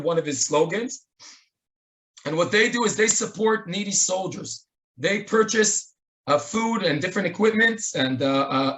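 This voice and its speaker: A man with an Israeli accent speaks earnestly at a remembrance webinar, telling tribute stories that include quoted dialogue. Heard through a webinar microphone, his voice is high-pitched, bright, and forceful.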